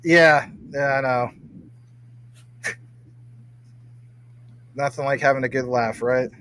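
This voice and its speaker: A man's voice: mid-range voice, steady tone, slow, a bit bright, slight background noise, low-quality recording. A man hosting a casual livestream, reading viewer comments and teasing his guest playfully. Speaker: livestream host.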